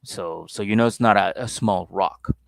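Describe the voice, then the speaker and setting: A man co-hosting a comedy podcast, telling stories casually and jumping into high-pitched impressions. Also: normal speed, creaky, no room sound, clean studio sound. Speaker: podcast co-host.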